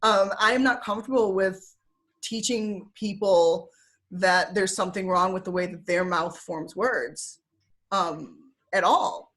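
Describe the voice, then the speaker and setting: A woman guest on a video call, chatting freely about her teaching days. Her voice sits at an ordinary middle pitch, and she talks in an animated way, packed with "like" and bursts of laughter. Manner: animated, filler-heavy with frequent "like" and quick laughs. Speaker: interview guest, former teacher. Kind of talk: casual conversational storytelling.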